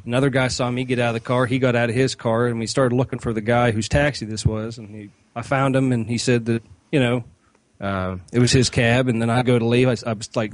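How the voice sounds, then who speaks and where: A man spinning a profane, rambling story on a casual podcast. His voice sits at a middle pitch and sounds dry and close, with no room echo. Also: brisk. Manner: profane, animated anecdote-telling with acted-out quotes. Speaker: regular podcast panelist.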